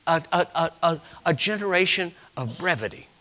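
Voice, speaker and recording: A male pastor, preaching a folksy sermon full of stories that swells to loud exclamations. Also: fairly high pitch, animated, moderate pace.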